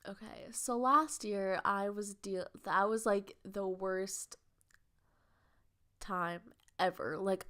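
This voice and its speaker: A woman's voice: mid-range voice, fairly bright tone, clean tone. A young woman vlogger talking in a casual podcast monologue, earnest and rambling, with a heartfelt, confessional way of speaking.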